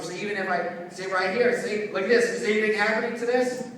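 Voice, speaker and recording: A man preaching an energetic object-lesson sermon to young people as a youth pastor, calling out questions to the audience. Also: sits high, quick pace. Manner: energetic, call-and-response with audience. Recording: echoey hall, mic from a distance.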